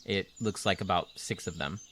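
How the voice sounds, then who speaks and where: A man narrating a tabletop game as game master, relaxed and joking. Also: deep voice, normal speed, slight background noise.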